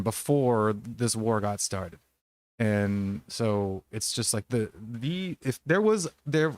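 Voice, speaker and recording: A man's voice: mid-range voice, dry recording. A man in casual political podcast chat, ranting in a heated, profane, rambling way. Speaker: podcast host.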